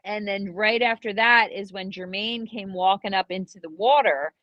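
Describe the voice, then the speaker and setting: A woman co-hosting a casual chat show, telling her story with lively acted-out quotes. Her voice sits at a middle pitch and is recorded dry and close, with no room sound. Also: moderate pace, dry recording, dull audio. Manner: animated storytelling, acts out quoted dialogue. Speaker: co-host and former contestant.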